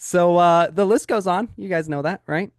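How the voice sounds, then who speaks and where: A man coaching a live training call on a video call, energetic and emphatic as he talks straight to his audience. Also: sits high, normal speed, dry recording, clean studio sound. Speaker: real estate sales coach.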